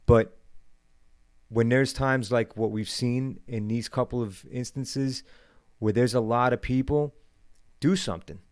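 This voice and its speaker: A man's voice: medium pitch, unhurried, long pauses, a little mellow. A man co-hosting a podcast, chatting casually and chiming in with agreement. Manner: agreeing, conversational with restarts. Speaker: podcast co-host. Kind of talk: casual chat.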